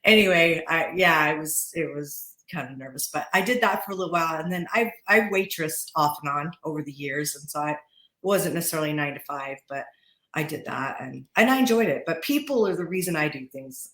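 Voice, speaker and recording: A woman's voice: low voice, fairly bright tone. Chatty, laughing woman in an echoey room. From Utah. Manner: chatty, laughs often, restarts and repeats words. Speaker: podcast guest. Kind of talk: casual interview talk. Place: podcast studio.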